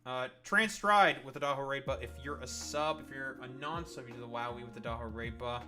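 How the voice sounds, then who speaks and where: A man's voice: medium pitch, a little fast, bright, forceful tone, soft background music. A tired young Canadian man streaming late at night, ranting sarcastically and profanely in a rambling way. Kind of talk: late-night livestream rant.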